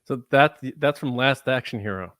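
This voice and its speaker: A man's voice: mid-range voice, moderate pace, a bit bright, no echo, clean studio sound. A man co-hosting a podcast in casual chat, with a wry, joking manner. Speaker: podcast co-host.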